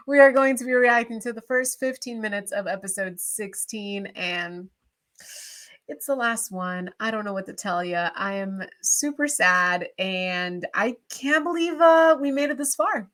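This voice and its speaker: A woman's voice: mid-range voice, measured pace, a bit bright. Chatty young woman reacting to a dating show, bubbly and emotional, talks straight to camera. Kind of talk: casual reaction commentary to camera.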